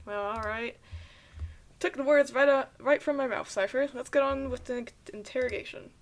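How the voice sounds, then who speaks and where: A woman's voice: high voice, normal speed. A young woman playing a game, reading its narration aloud and tripping over words as she goes. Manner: stumbles and restarts words while reading. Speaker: game streamer.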